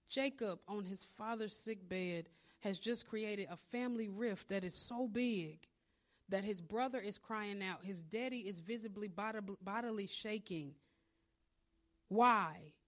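A woman preacher giving a conversational, story-driven sermon, retelling a scripture story with asides. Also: medium pitch.

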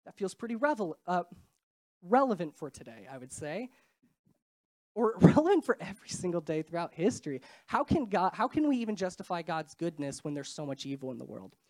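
A young woman preacher gives a casual sermon, her voice nasal and congested from a cold but lively in pitch. She's chatty and self-deprecating, tossing in quick asides.

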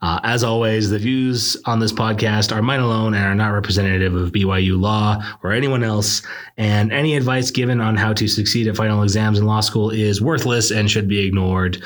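Deep-voiced young man musing on a podcast. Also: steady tone, a little fast. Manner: rambling, reflective, self-deprecating. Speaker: podcast host, law student. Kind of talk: casual solo podcast monologue. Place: indoors late at night.

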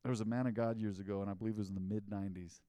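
A man preaching a mid-week sermon as pastor, talking in a conversational, animated way that swings from loud to quiet. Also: on the low side, rapid-fire, clear, resonant tone, no echo, clean studio sound.

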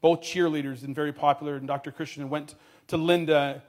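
A man telling a story in a sermon, earnest, dropping his voice quietly at tender moments. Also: on the high side, steady tone, a little fast.

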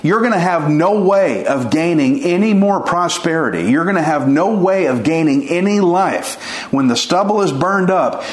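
A man's voice: a little high, animated, moderate pace. A man preaching an informal sermon, earnest and pleading, with folksy chuckles. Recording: echoey room.

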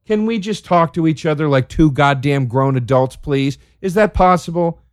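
Male podcast host, slightly high voice, profane comedic ranter. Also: moderate pace, clean tone, no echo, studio quality. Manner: ranting, profane, exasperated. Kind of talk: casual comedic monologue.

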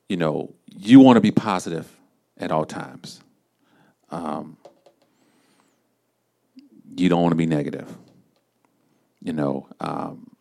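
Very deep-voiced man preaching encouragement. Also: gravelly. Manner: relaxed, conversational, repeats phrases with many fillers. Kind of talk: encouraging sermon talk.

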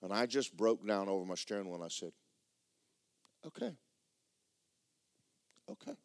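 A male pastor delivers a sermon, sharing a personal story with feeling, repeating himself often and addressing the congregation directly. His voice sits low and moves fast, clear and resonant, with no echo.

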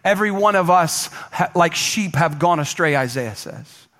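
A pastor preaching a sermon in a church, emphatic and asking the congregation to answer back. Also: male voice, fairly high pitch, animated, moderate pace, fairly bright tone. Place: church sanctuary.

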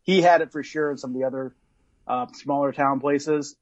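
A man's voice: on the high side, fairly even intonation, moderate pace, no room sound, muffled recording. A man from Illinois, a podcast guest in casual chat, talking in a hesitant, laid-back way with many ums and uhs.

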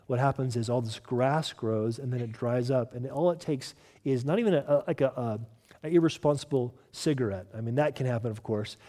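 A pastor from Southern California preaches an earnest sermon in a medium-pitched voice, with the sound of a big room around him. He swings between loud emphasis and soft, slow asides.

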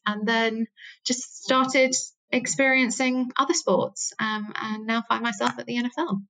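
A woman's voice: fairly high pitch, a bit bright, low-quality recording. A woman in her thirties from England, a sports marketing director answering interview questions in a chatty way, with frequent ums and self-corrections. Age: 30s.

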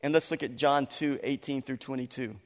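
A man's voice: mid-range voice, a little fast. Preaching man in an echoing hall. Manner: animated, acts out voices in quotes, laughs often. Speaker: pastor. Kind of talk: sermon. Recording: long hall reverb.

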